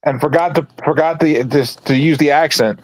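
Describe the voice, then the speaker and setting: A man from Brooklyn co-hosting a podcast in casual chat, dropping wry deadpan quips. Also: fairly high pitch, normal speed, no room sound, poor audio. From Brooklyn, New York. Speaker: podcast co-host.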